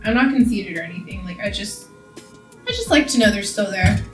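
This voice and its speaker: A woman's voice: medium pitch, expressive, a little fast, soft background music. A young woman from California, chatting casually and rambling while doing her makeup, full of "like" and "you know.". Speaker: beauty vlogger. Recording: echoey room, camera mic from a distance.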